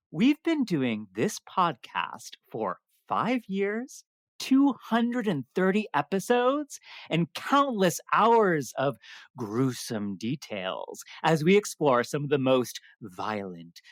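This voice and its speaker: A woman's voice: low voice, big pitch swings, slow, no room sound, clean studio sound, heavily acted. A woman playing an eager podcast co-host who hams up a clumsy put-on Australian accent and stumbles over words in a comedic audio drama. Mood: boastful.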